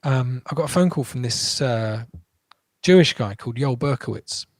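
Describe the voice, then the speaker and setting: A man telling stories as an interview guest, animated, with quick restarts, and acting out what people said. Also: mid-range voice, no room sound. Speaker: guest entrepreneur. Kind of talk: casual interview storytelling.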